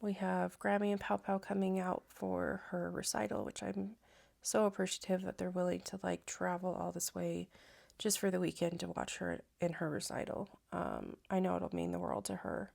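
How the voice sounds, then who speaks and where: A young woman, a stay-at-home mom, talking to camera in a casual vlog, soft and reflective with many hesitant fillers. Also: lowish voice, little pitch movement, moderate pace. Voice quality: gravelly vocal fry.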